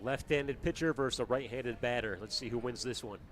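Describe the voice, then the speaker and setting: A man's voice: mid-range voice, brisk, a crowd in the background. A man giving color commentary at a baseball game, conversational and explaining the plays.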